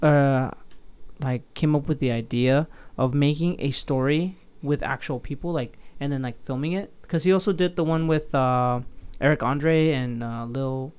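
A man's voice: medium pitch, moderate pace, darkish tone, clear, resonant tone. A man co-hosting a podcast in casual chat, rambling with many fillers and restarts. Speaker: podcast co-host.

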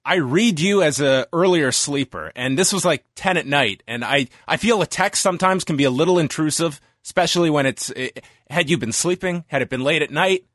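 A man's voice: fairly high pitch, a little fast, fairly bright tone, no echo, studio quality. A man hosting a podcast, chatting casually and enthusiastically with his guest. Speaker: podcast host. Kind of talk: casual interview chat.

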